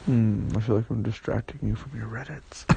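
A young man in an intimate boyfriend role-play, talking in a relaxed, teasing, affectionate way with many soft hums, as if in bed. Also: on the low side, normal speed, vocal fry, slight background noise. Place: bed, indoors.

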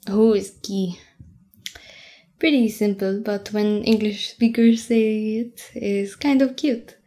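A woman's voice: medium pitch, fairly even intonation, slow pace. A woman playing a giggly French tutor, whispered role-play. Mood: soft, playful. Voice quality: soft, mostly whispered voice, giggly. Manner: gentle, teasing, chatty. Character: playful young French woman teaching a friend French.

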